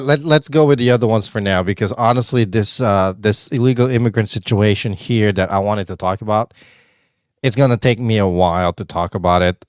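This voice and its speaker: A Filipino man in his fifties co-hosts a casual podcast over a video call, joking and laughing often as they chat. His voice is low-leaning and smooth, in a dry, studio-quality recording.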